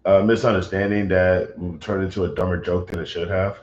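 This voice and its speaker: A man's voice: low-pitched, level tone, brisk, darkish tone. A man livestreaming, talking agitatedly and rambling with lots of fillers. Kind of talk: casual livestream chat. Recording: roomy, dull lo-fi sound.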